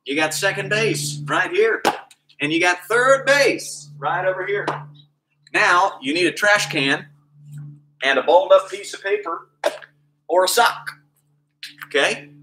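A man's voice: high voice, expressive, measured pace, pauses often, sharp tone, a little hiss or hum. A man leading a live online exercise class for kids as their PE coach, counting out reps and cheering the children on by name. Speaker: PE coach hosting a kids' class.

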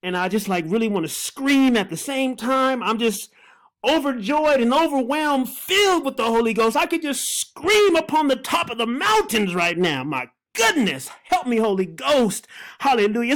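A Bible teacher in fervent, excited teaching, repeating phrases, praying aloud, and breaking off mid-sentence with laughter. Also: mid-range voice, moderate pace.

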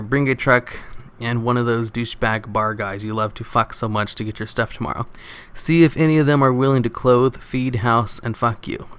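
A man's voice: mid-range voice, a bit bright, clear, resonant tone. A man reading forum stories aloud in a casual way, chuckling and adding his own short comments between them. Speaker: reddit story reader.

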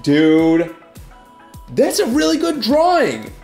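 A young man vlogging about his fan mail with a stuffy nose from a cold, gushing with excitement. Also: very high-pitched, slow, creaky, roomy sound, soft background music. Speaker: YouTuber. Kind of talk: casual vlog reading fan mail.

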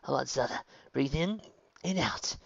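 A man reading a story and voicing an older woman midwife who coaxes gently and briskly. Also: a little high, animated, dry recording, lo-fi sound, voice pushed up. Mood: coaxing, brisk. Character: older woman midwife, calm and kindly coaxing.

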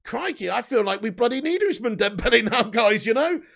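Gravelly, high-voiced English man chatting live. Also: expressive, brisk, fairly bright tone. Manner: chatty, reads viewer comments aloud, swears casually. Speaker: livestream host reading chat. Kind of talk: casual live chat.

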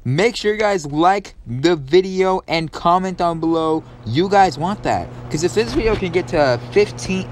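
A man's voice: sits high, lively intonation, unhurried, hardly any pauses. A young man doing casual gameplay commentary as a gaming YouTuber, rambling and talking to his viewers. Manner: screams in panic during chases, then rambles through the outro.

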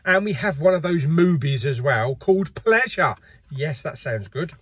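Brief: middle-aged host, husky and slightly high-pitched, casual and jokey. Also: male voice, lively intonation, normal speed. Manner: chatty and jokey, laughs often. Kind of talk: casual chat.

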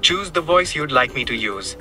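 A man's voice: a little high, sing-song, normal speed, pushed and bright, recorded from a distance, faint music behind, heavily acted. A text-to-speech assistant voice in a man's register, played from a phone. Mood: even. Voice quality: smooth synthetic assistant voice. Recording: played through phone speaker, off-mic.

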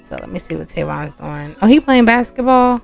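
A woman gives casual, chatty commentary on her gameplay and speaks straight to her viewers. She laughs often and her voice sits in a plain middle pitch. Faint music plays underneath. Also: expressive, normal speed, creaky. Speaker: gaming channel host. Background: soft music.

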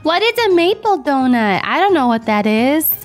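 A young woman who is not a native English speaker, hosting casual gameplay commentary in a bubbly, excitable way with frequent gasps. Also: high-pitched, moderate pace, faint music behind. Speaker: gaming channel host.

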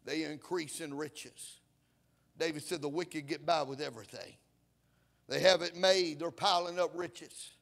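A pastor preaching a sermon, swinging from quiet reading to shouted, half-sung lines and punctuating his phrases with "uh" and "huh.". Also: a little high, a little slow, gravelly.

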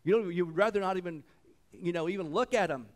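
High-pitched and fast-talking, this male pastor preaches by swinging between loud fervor and quiet reverence. He repeats phrases often and calls out "come on."

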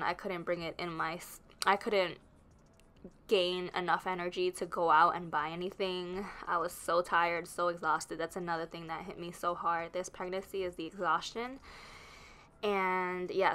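A woman's voice: lowish voice, pushed and bright, clean tone. A pregnant woman vlogger narrating her video in a chatty, rambling way with lots of fillers. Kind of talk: casual voice-over narration.

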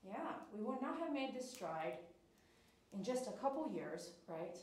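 A woman's voice: fairly high pitch, very animated, a little slow. Woman groomer in an echoey room. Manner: coaxing, sing-song baby talk to the dog; cheery, loud sign-off reading viewer comments. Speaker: dog groomer and live streamer. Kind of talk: soft talk to a dog while grooming, then upbeat chat with live viewers.

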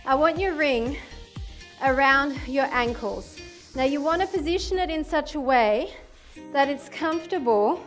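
A woman leading a home workout, counting reps aloud and urging listeners on, slightly out of breath. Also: high voice. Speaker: fitness instructor. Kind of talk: guided workout instruction. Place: apartment room with carpet.

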